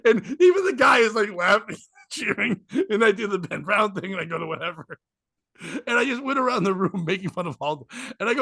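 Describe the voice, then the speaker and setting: High-voiced guy telling stand-up stories on a podcast, laughs constantly, super animated. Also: moderate pace, no echo, clean studio sound. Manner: animated, laughs often, acts out quotes. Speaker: comedian guest. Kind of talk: casual podcast storytelling.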